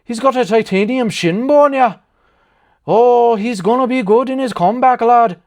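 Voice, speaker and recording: A deliberately bad, exaggerated Irish brogue, put on by an American man. The voice rides higher and louder than his normal speech, with a sing-song mocking lilt and a cheeky, overdone swagger.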